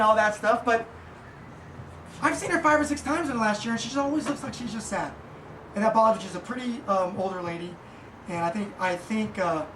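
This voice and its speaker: A man giving a casual motivational monologue as a podcast host, rambling and halting with many fillers. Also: sits high, fairly bright tone. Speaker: podcast host and small business owner. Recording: echoey room, distant mic, faint noise.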